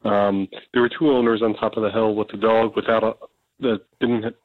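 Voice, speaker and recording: Male radio caller, low and flat, tinny phone line, plain steady storytelling. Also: brisk, no room sound.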